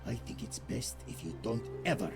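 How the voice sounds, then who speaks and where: A man's voice: lowish voice, sing-song, moderate pace. A man voicing a hostile, curt man in a video game, speaking in a cold and threatening way. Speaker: game character. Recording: game audio over background music.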